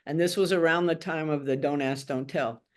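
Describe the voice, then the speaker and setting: A woman's voice: low-pitched, fairly even intonation, brisk. An older woman from Tennessee, telling her life story frankly and wryly in an oral history interview, acting out the voices of people she quotes. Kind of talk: candid personal storytelling.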